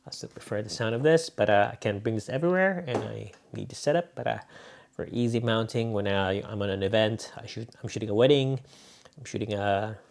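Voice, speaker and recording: Low, slightly fast and a little mellow with vocal fry, this Filipino man with a Bisaya accent rambles casually while testing gear for a vlog. He speaks unscripted with plenty of fillers, in an echoey indoor room as mics are swapped.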